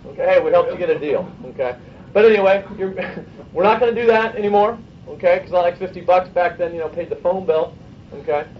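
Running a sales training session for his team, a high-voiced man coaches briskly and poses rhetorical questions. He sits far from the mic, so the recording is dull and muffled, with faint room ambience humming behind him and slight background noise.

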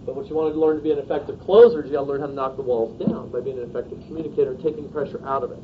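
A man's voice: fairly even intonation, racing. A man leading a sales training session, talking directly and often checking in with the group. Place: training room, filmed on video camera. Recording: dull lo-fi video with faint rumble.

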